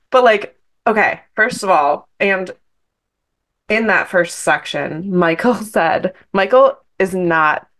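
A woman co-hosting a podcast in casual chat, sick and congested, animated and opinionated. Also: mid-range voice, slow pace, long pauses. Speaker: podcast co-host.

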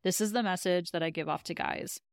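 A woman's voice: fairly low pitch, brisk, gravelly, clear, resonant tone, no echo, studio quality. A woman co-hosting a podcast, casually recapping an episode and retelling scenes in quoted lines. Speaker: podcast co-host.

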